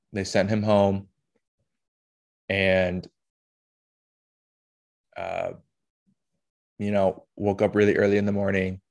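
Low, flat-voiced man telling a personal story. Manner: emotional, halting, with blunt swearing. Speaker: podcast host.

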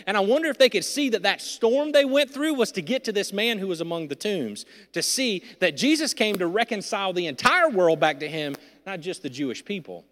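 A man preaching a sermon, candid and self-deprecating, who swings from loud outbursts to hushed asides. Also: high-pitched, animated, a little fast, few pauses. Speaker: pastor. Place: large church hall. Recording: reverberant church sanctuary.

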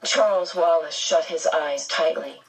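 A woman reads an audiobook slowly and steadily, in a measured storytelling voice. Her tone is breathy and soft-edged. She sits somewhat back from the mic. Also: low voice, recorded from a distance, poor audio. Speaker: narrator. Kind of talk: audiobook narration.

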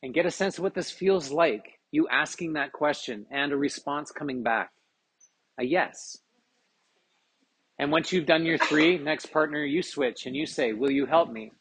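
A man with a slightly husky, fairly high voice runs a live group workshop at a retreat. He coaches the room briskly and keeps up quick, encouraging acknowledgements. He often laughs lightly as he checks in with the group. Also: fairly bright tone. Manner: brisk and encouraging, with frequent "okay, very good" acknowledgements. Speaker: yoga teacher leading a group workshop.

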